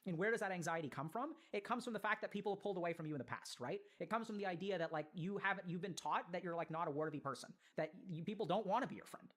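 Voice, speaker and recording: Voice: medium pitch, fast, few pauses, a bit bright. A mental health commentator in a played video explains a viewer's letter in an earnest way, often filling with "like" and "right?".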